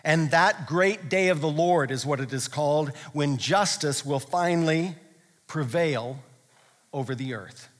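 A man preaching a sermon as a pastor, impassioned, rising to loud repeated exclamations. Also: on the high side, a little slow. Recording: long reverb of a large hall.

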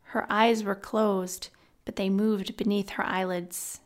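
A woman reading a fantasy novel aloud as scripted narration, in a subdued, measured voice. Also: mid-range voice, level tone. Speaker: audiobook narrator.

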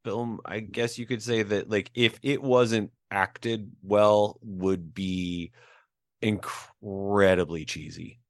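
In a dry, studio-quality recording, a man co-hosting a podcast chats casually about a film, with lots of fillers and restarts. His voice is on the low side and steady, and he speaks slowly.

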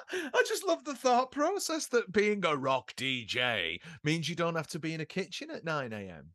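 Male co-host, animated storyteller, bright voice, dry close recording. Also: on the high side, moderate pace, no room sound. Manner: rambling anecdotes with swearing and impressions. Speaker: podcast co-host. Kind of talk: casual chat.

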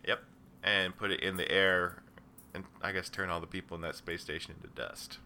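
Deep, bright-toned man recapping a movie. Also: steady tone, normal speed, a little hiss or hum. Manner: rambling recap with many uh fillers. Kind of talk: casual movie chat.

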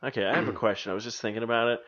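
A man's voice: mid-range voice, racing, over music. A man co-hosting a podcast in casual comedic chat, joking and laughing often and swearing freely, recorded with dull lo-fi sound. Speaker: podcast co-host.

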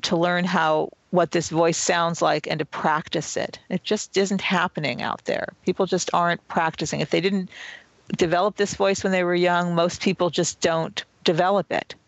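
A man's voice: high voice, little pitch movement, moderate pace, gravelly, a bit bright, dry recording, rough recording. A man, the author, answering an interview question and patiently explaining self-help skills one step at a time. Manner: earnest, patient, step-by-step teaching. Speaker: author and guest.

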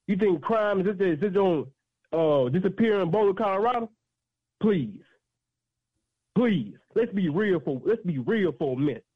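A man's voice: high-pitched, animated, normal speed, breathy edge, no echo, narrow, tinny audio. A man, an activist guest giving impassioned call-in commentary with fiery, repetitive, preacher-like emphasis.

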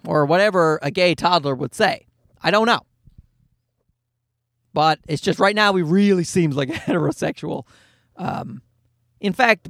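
A man's voice: sits high, big pitch swings, normal speed, vocal fry, fairly bright tone, no room sound, clean studio sound. A man of forty telling rambling, wry comic stories in a casual monologue, with some swearing. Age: 40s. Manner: rambling, wry storytelling with profanity.

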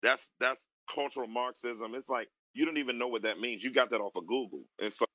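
A man's voice: medium pitch, fast talker, sharp tone, no room sound, poor audio. A man speaking earnestly in a recorded interview, explaining his views step by step. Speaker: interview guest in a clip. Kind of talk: conversational interview.

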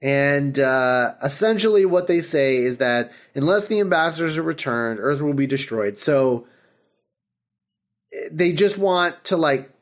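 A man hosting a podcast, retelling an episode in casual chat, animated and full of fillers and laughter. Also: fairly high pitch, a little slow. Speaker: podcast host.

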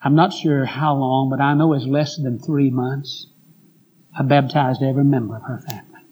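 A man's voice: medium pitch, fairly even intonation, moderate pace, warm tone, breathy edge, rough recording. A man who is a preacher, telling a story in an earnest, repetitive sermon style with folksy phrasing.

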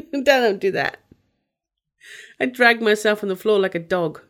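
A woman with a bad cold co-hosting a podcast over a video call, making deadpan quips and laughing often. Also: mid-range voice, a little slow. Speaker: podcast co-host.

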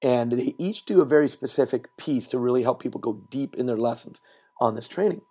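A man hosting a solo motivational podcast, telling stories in an animated way and repeating words for emphasis. He is recording while traveling. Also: mid-range voice, brisk, breathy edge. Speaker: podcast host and trainer.

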